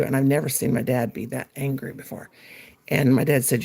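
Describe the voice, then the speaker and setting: A woman's voice: low voice, flat delivery, moderate pace, creaky, a little mellow, husky. A woman hosting a casual livestream from home while she crochets, telling a meandering story and chatting with viewers. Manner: rambling storyteller, reads out viewer comments. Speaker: livestream host.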